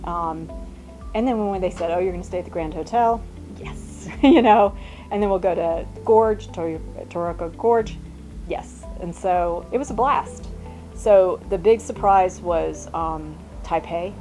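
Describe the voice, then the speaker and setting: A woman's voice: lowish voice, slow pace. Older woman, chatty storyteller with stop-start phrasing; faint music bed. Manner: chatty, animated, many restarts. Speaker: mother recalling travels. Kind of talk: casual storytelling.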